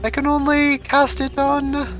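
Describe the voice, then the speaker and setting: A woman playing a tabletop game, chatting casually and thinking out loud as she plans. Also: high-pitched, completely flat delivery, measured pace, faint music behind.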